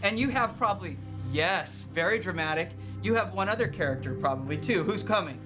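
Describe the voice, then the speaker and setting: A man narrating as game master of a tabletop game, playful and lively. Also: sits high, fairly quick, over music.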